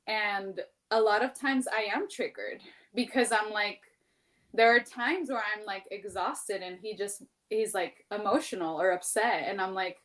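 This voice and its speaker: A woman's voice: mid-range voice, a bit bright. A woman in her thirties in a casual podcast chat, talking candidly and at length, full of "like" and the odd swear word. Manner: candid, rambling, heavy use of "like", swears freely.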